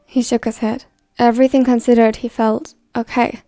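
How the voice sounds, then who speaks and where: A woman reading a story aloud in a steady, even scripted narration. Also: on the high side, moderate pace, no room sound, faint music behind. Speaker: fan fiction reader.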